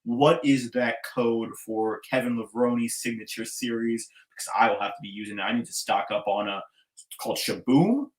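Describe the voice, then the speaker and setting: A man hosts a casual interview with easy, enthusiastic energy. His voice sits at an ordinary middle pitch, and he keeps the talk chummy and loose. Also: normal speed, poor audio. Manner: enthusiastic, bro-ish, calls guest "man". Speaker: podcast host.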